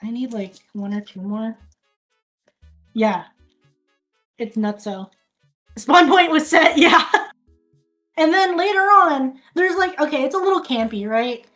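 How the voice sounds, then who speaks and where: A woman's voice: high voice, expressive, a little slow, long pauses, fairly bright tone, faint music behind. A woman streamer casually recapping a film, rambling, restarting sentences and swearing often.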